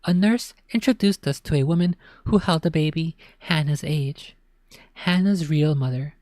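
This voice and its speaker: A woman narrating a spooky children's book in a dramatic reading, often dropping to a hush. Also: deep voice, moderate pace, no room sound, clean studio sound. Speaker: storyteller.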